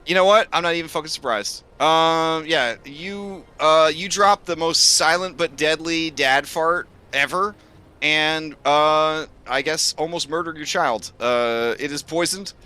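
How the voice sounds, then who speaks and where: A man's voice: fairly high pitch, unhurried, pushed and bright, smooth. A man running a tabletop game as game master, narrating in a rambling way with lots of fillers and restarts.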